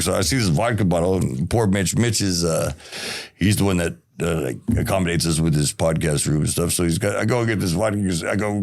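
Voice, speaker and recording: An American man hosts a podcast in loose, casual conversation. His voice sits on the low side, and he rambles, stumbles over his words and laughs often. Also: brisk, vocal fry. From United States. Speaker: podcast host.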